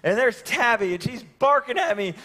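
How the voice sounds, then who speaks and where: A man in his thirties preaching a sermon and telling a story, swinging from loud calls to hushed near-whispers. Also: very high voice, lively intonation, normal speed, big-room sound. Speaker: pastor.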